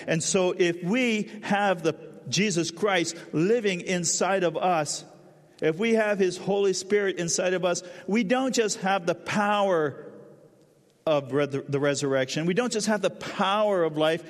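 A man preaching a sermon with feeling, dropping to a soft low voice at solemn moments. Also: unhurried, long reverb tail. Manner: emotional, drops to soft low voice at solemn lines. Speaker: pastor.

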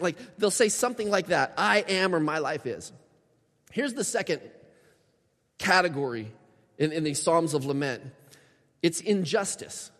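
A man's voice: high-pitched, a bit bright. A man preaching a sermon as a pastor, emphatic and acting out prayers in a lifted voice. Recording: reverberant hall sound.

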